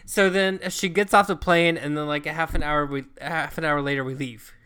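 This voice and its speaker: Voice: mid-range voice, fairly even intonation, normal speed, fairly bright tone, clear, resonant tone. A co-host telling a travel story in casual chat, swearing freely and acting out what people said. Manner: profane, chatty, acts out quoted lines.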